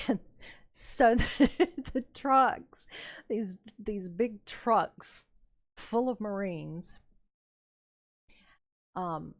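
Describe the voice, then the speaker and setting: An older woman streaming a building game, telling rambling, unhurried stories about her youth with plenty of fillers and chuckles. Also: medium pitch, expressive. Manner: rambling, unhurried anecdotes with frequent fillers and laughs. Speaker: gaming streamer. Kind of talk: casual storytelling while building in a game.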